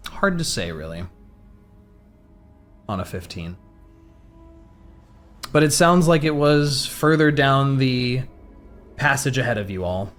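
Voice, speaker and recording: A man narrating a tabletop game as game master, in a halting, thoughtful way. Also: mid-range voice, expressive, a bit bright, soft background music.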